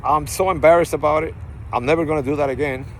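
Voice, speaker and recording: A man from Puerto Rico with a Puerto Rican accent, vlogging to his phone in a parking lot in a rambling, animated way, full of asides. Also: fairly high pitch, fast talker. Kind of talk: casual vlog talk. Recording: faint outdoor traffic noise.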